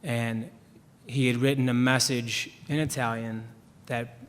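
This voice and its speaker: A young man from Chicago, a writer on a panel, speaks at a measured pace in a medium-pitched, fairly even voice. In an event hall with an audience and long reverb, he tells rambling, self-deprecating anecdotes and laughs at himself.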